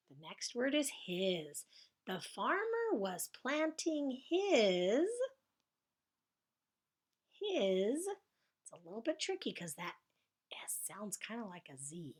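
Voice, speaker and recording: A woman teacher giving slow spelling dictation to young children, stretching out sounds and cheering them on. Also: a little high, very animated.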